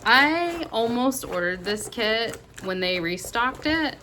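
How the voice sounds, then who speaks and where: Woman vlogging, super excitable and gushy, gasps a lot, voice jumps all over. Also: a little high, slow pace, a little hiss or hum. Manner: gushing and excitable, with frequent gasps. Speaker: crafting vlogger. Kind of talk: casual vlog chat.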